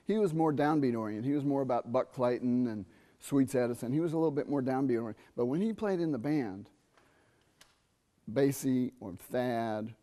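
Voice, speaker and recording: Brief: middle-aged male trumpet teacher, animated masterclass delivery, sings phrases to demonstrate. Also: medium pitch. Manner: animated, sings rhythms and asks students quick questions. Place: university theatre.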